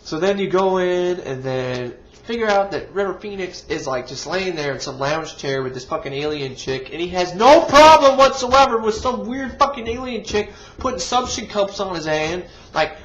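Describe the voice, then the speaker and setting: A man's voice: high voice, animated, normal speed, few pauses, a bit bright, slight background noise. Man, movie review rant, profane, exasperated, muffled lo-fi sound. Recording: dull lo-fi recording.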